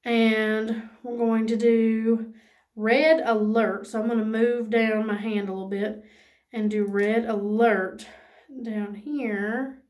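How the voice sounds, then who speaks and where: A woman, gushing excitedly and saying "y'all" as she walks through a casual makeup tutorial. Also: a little high, slow pace. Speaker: beauty vlogger.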